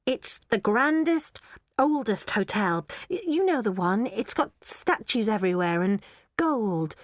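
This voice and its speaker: A woman's voice: medium pitch, expressive, measured pace, dry recording, clean studio sound, natural voice. Woman voicing a plucky little schoolgirl. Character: plucky ten-year-old orphan girl, scheming. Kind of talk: audiobook character voice.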